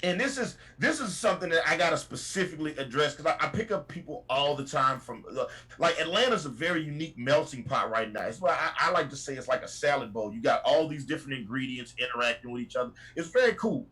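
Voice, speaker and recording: Husky, animated man ranting. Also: a little high, fast, hardly any pauses. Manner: animated, profane, laughing storyteller. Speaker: podcast co-host and rideshare driver. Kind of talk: casual ranting chat.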